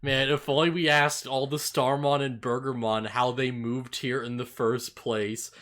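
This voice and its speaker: A man co-hosting a casual anime recap podcast, chatty, full of "like" and quick laughs. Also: medium pitch. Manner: laughs often, filler-heavy, animated retelling. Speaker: podcast co-host.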